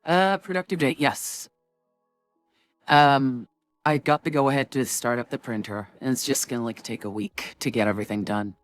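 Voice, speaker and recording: A woman's voice: rumbling low, moderate pace, dry recording, soft background music. A woman streamer chatting casually with her viewers before a tabletop game, rambling and full of filler words.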